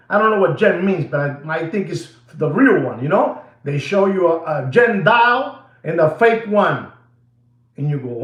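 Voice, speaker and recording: A man hosting a watch channel, ranting theatrically to his viewers and slipping into asides. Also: high-pitched. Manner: excitable, theatrical, slips into Spanish asides. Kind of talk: animated rant to viewers. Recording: roomy echo.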